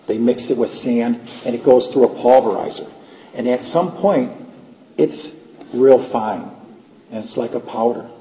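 A man preaching a sermon in a plainspoken way, using homely examples and repeating his points. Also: mid-range voice. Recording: echoey hall, dull lo-fi sound, faint noise.

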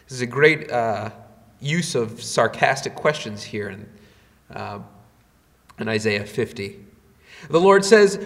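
A man's voice: animated, takes it slowly, gravelly, pauses often, big-room sound. A man preaching a sermon as a pastor, with emphatic rises and drops in his delivery. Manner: emphatic preaching with sudden rises in pitch and volume.

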